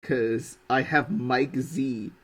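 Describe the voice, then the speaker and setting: A man's voice: mid-range voice, steady tone, very slow, a bit bright, rough recording. Young man chatting casually on stream. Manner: teasing, joking. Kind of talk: casual chat while drawing on stream.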